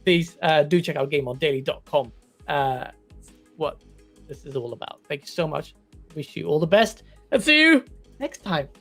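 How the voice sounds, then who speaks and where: Brief: male stream host, high voice with fry, upbeat sign-off chatter. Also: lively intonation, moderate pace, fairly bright tone, faint music behind. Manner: thanking guests, plugging the channel. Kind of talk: live stream chat.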